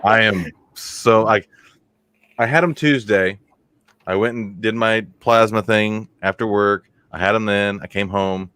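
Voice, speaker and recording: Low-voiced man rambling through crude stories. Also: unhurried, fairly bright tone, smooth, no room sound. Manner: rambling, crude storytelling with laughs. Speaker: podcast co-host. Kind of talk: casual podcast chat.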